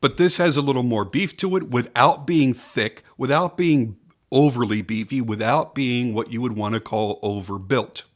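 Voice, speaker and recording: A man's voice: medium pitch, moderate pace. Man giving an emphatic knife review. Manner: enthusiastic, emphatic, repeats points for stress. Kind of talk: casual product review.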